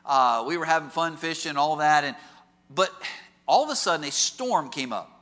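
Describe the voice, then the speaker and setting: A male pastor preaching a sermon in an auditorium, telling stories with lively rhetorical questions. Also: a little high, moderate pace, long reverb tail. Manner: animated storytelling with rhetorical questions. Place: large auditorium.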